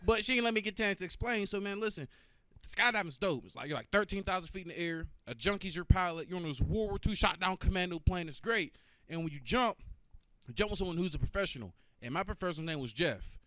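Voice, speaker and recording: Animated, profane stand-up comedian man. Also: high voice, fast talker, no echo. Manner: animated, profane, bantering with the crowd.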